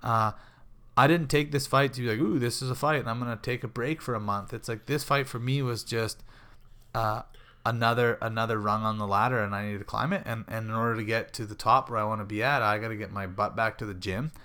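A man's voice: fairly low pitch, steady tone, fairly quick, pushed and bright, clear, resonant tone. A man in his thirties, a fighter, chatting casually on a podcast and rambling through a story while acting out the people he quotes. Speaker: MMA fighter.

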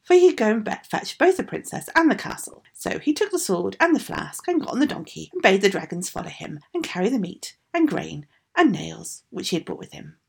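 Female storyteller, animated delivery, raspy low-edged fairy-tale read. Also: a little fast, few pauses. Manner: expressive, sing-song reading.

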